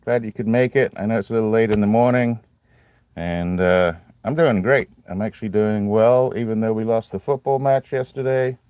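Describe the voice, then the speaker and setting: Guy rambling on his live stream, lowish voice, smooth and clean. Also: fairly even intonation, moderate pace, darkish tone, no echo. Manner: rambling, friendly, greets chatters by name. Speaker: livestream host cutting stones. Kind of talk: casual live-stream chat.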